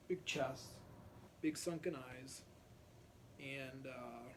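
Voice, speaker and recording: A man casually telling a rambling neighborhood story, often clearing his throat as he talks. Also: mid-range voice, fairly even intonation, very slow, long pauses, slight background noise.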